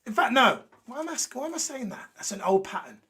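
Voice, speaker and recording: A man's voice: extremely high pitch, sing-song, quick pace, pushed and bright. A man from Birmingham hosting a live motivational show, blunt and ranty, swearing freely and joking with viewers. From Birmingham, England. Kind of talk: unscripted motivational talk to a live chat.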